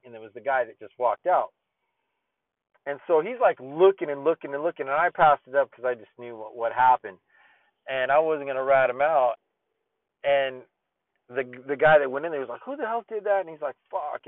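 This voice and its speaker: A man hosts his podcast in a casual, rambling rant, swearing freely and leaning on fillers as he tells a story. His voice sits a bit high for a man. The audio is thin and tinny, like it came through a phone line. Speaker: podcast host.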